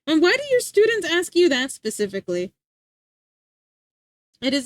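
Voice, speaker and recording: High-voiced playful woman streamer. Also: very animated, normal speed, no echo. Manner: playful teasing, laughs often. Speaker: livestreamer. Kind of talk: casual chat reading stream chat. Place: home streaming setup.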